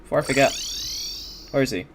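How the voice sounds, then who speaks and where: A man's voice: mid-range voice, quick pace. Young guy streamer rambling along, tons of "like"s, cusses a lot, faint hiss behind him. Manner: rambling, filler-heavy, swears casually. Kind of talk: casual gaming stream chat.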